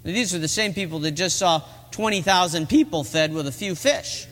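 A man's voice: high-pitched, normal speed, a bit bright. A middle-aged man preaching a sermon in a church, telling the story earnestly and rising to emphatic peaks. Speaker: pastor. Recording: long reverb of a large hall.

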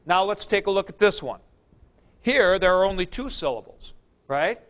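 A man teaching a class, asking questions and answering them himself, often clearing his throat. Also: high voice, lively intonation, moderate pace, a bit bright. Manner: uses sports comparisons and jokes. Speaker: Greek teacher. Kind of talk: classroom lecture.

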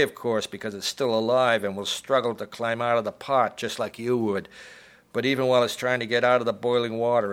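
A man voicing a crude, quick-tempered male restaurant cook, talking bluntly and coarsely. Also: lowish voice, a bit bright.

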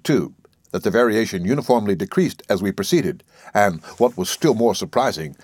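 A man with a low voice reads a classic sea adventure aloud in a steady, measured way. The recording is dry and close, with no room sound around him. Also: dry recording. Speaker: audiobook reader. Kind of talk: scripted narration.

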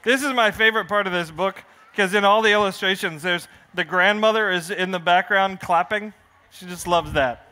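A children's author reads his picture book aloud on a festival stage, joking with the families in the audience like a showman. His voice is high, pushed, and bright, at a moderate pace, and his banter with the crowd is playful.

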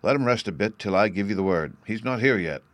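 A man voicing a pompous, fawning court Chancellor with a thin, squeaky voice who trips over his words. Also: animated, fast talker, dry recording, natural voice.

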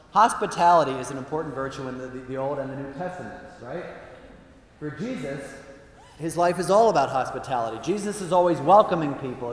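A Jesuit priest with a fairly high voice gives a humorous talk to a live audience, telling self-mocking stories in a chatty way with lively asides. He's recorded from a distance in a large, echoey hall.

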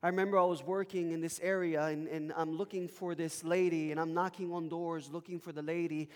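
A pastor whose first language is Spanish, telling an animated, emphatic story during a sermon in a chapel. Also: male voice, on the high side, a little fast, smooth. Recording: long reverb in a chapel.

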